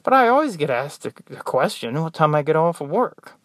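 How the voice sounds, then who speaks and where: A man's voice: fairly high pitch, sing-song, a little fast, fairly bright tone, no room sound, studio quality. An American man who works as a nurse, talking in a rambling, exasperated, joking monologue. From United States. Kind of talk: casual monologue.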